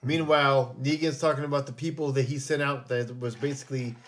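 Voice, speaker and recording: A man's voice: mid-range voice, steady tone, a little fast, fairly bright tone. A man co-hosting a casual podcast, recapping a TV episode with jokes and swearing, acting out the characters' lines. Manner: profane, joking, acts out characters' lines. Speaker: podcast co-host.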